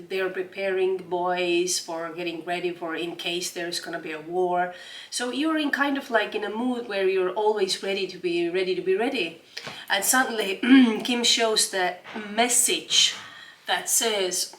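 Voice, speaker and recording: A woman in her forties talks as a podcast guest, earnest and often restarting mid-phrase as she hunts for English words. She sits well back from the mic in a roomy, echoing space, her voice at an ordinary middle pitch. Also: fairly bright tone. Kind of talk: casual interview chat. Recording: roomy room, distant mic.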